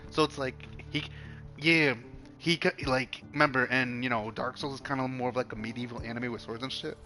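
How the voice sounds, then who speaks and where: A man's voice: mid-range voice, steady tone, fairly quick, pushed and bright, soft background music. A young man streaming a game, chatting casually in a rambling, profane way, full of stop-start restarts.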